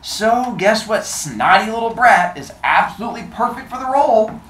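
A woman's voice: a little high, lively intonation, moderate pace, a bit bright, distant mic, slight background noise, voice pushed up. A woman teacher voicing a sulky, sarcastic schoolgirl friend while reading a novel aloud in class. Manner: sarcastic, exasperated. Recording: echoey classroom with children's chatter.

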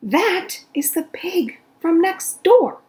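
A woman voicing a stern, opinionated older sister in a children's storybook, lecturing and shouting. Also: very high voice, sing-song, takes it slowly, voice pushed up, exaggerated voice.

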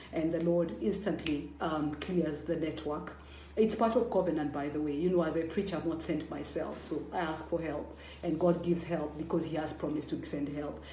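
A woman's voice: low-pitched, darkish tone, slight background noise. A middle-aged woman preacher giving an emphatic personal testimony as a sermon, her voice rising when she pleads. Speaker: apostle preaching. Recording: roomy echo.

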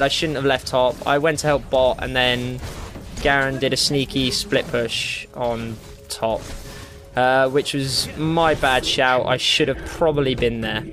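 A young man giving live gameplay commentary, ranting and swearing as he plays. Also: mid-range voice. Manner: ranting, swears a lot, excitable. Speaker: gamer.

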